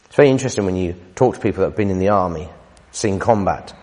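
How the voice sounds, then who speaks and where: A man preaching a sermon in a hall, animated and teasing, with emphatic swings in his voice. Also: low voice, fast talker. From United Kingdom. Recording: reverberant hall sound.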